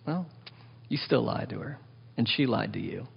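A man preaching a sermon as pastor, animated and wry, asking the congregation questions. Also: mid-range voice, brisk, vocal fry, slightly rough, big-room sound, muffled recording. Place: church hall.

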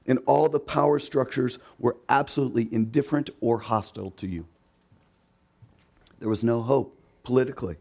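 A man's voice: mid-range voice, moderate pace, gravelly, darkish tone. Man preaching with rhetorical questions. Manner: acts out quoted voices; emphatic repetition. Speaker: pastor. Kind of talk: sermon.

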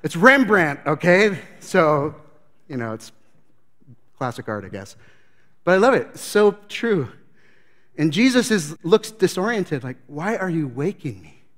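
A man's voice: a little high, big pitch swings, unhurried, long pauses, a bit bright. A man preaching a sermon as pastor, telling the story with animation and acting out scenes.

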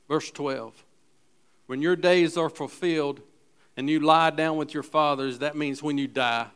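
A man preaching a sermon, reading scripture aloud and commenting between verses, pushing his voice louder on key lines and dropping low on asides. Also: measured pace, pauses often. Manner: emphatic, rises in volume on key lines, drops low on asides. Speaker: pastor.

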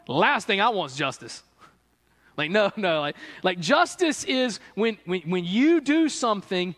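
A man preaching a sermon as pastor to a gathered room, telling stories with laughs and playful asides. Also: high voice. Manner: animated storytelling with laughs and asides. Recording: long reverb of a large hall.

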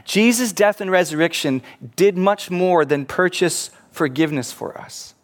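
A man preaching a sermon as a pastor, earnest, slowing down to stress quoted scripture. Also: sits high.

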